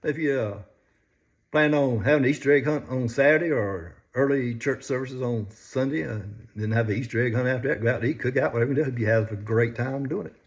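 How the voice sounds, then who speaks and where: A man's voice: mid-range voice, quick pace. An older man chatting casually about stocks as a vlogger, folksy and chuckling often between phrases. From North Carolina, US.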